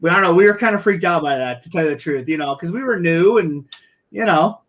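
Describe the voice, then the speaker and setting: A man co-hosts a casual livestream, spinning a rambling, animated anecdote heavy with filler words. His voice sits high and sounds bright and forceful. He talks over a video call. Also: fast talker. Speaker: livestream co-host. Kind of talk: casual storytelling chat.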